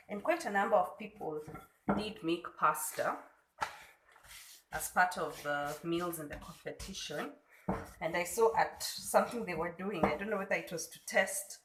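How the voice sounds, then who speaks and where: A woman from Kenya with a Kenyan accent, a food blogger calmly walking through a cooking tutorial step by step in her home kitchen. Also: fairly low pitch, roomy sound, background noise. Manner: unhurried, demonstrating step by step.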